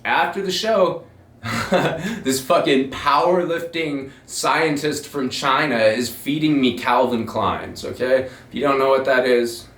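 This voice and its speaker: A man's voice: medium pitch, fairly bright tone, roomy sound, recorded from a distance. A man hosting his own show, telling a long personal story in a rambling, profane, self-mocking way. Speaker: podcast host telling a story. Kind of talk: casual storytelling monologue.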